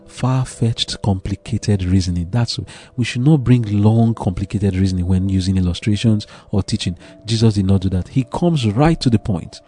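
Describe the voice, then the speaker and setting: A man's voice: fairly low pitch, warm tone. A man teaching a devotional Bible lesson, explaining scripture in plain words and asking rhetorical questions. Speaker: preacher.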